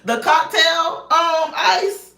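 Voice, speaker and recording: A woman imitating a fussy man who is outraged about hygiene, in an incredulous, high-pitched voice, with a roomy echo from a distant mic. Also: fairly even intonation, extremely slow, gravelly, sharp tone, heavily acted.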